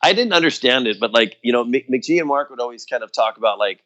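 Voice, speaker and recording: A man telling a story about his old band in casual chat, acting out quotes in a higher voice, with lots of fillers. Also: expressive, fast talker, a bit bright, dull audio. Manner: loose and chatty, many fillers like "like" and "you know". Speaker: guest musician.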